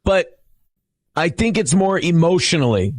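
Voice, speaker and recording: Theatrical male livestreamer, high voice, boastful, self-dramatizing, dry mic sound. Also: sing-song, measured pace, no echo. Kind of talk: livestream monologue.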